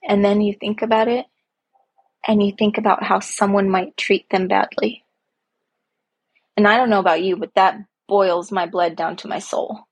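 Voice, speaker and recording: A woman's voice: medium pitch, steady tone, moderate pace, husky. A woman hosting a podcast, speaking earnestly and heartfelt about her own life as a parent, with emphatic repetitions. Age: young adult to middle-aged, a parent. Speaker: podcast host. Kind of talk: personal reflective monologue.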